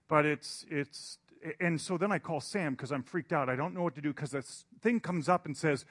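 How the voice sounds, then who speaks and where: A man's voice: fairly high pitch, a little fast, few pauses, a bit bright, no echo, studio quality. A man preaching in a storytelling style, rambling and self-deprecating, with hesitant restarts. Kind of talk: storytelling sermon.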